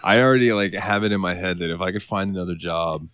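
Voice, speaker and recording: Low-voiced man ranting casually. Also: fast, a bit bright, clean tone, dry recording, studio quality. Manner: storytelling with swearing, acts out quotes. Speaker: podcast co-host. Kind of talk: casual chat.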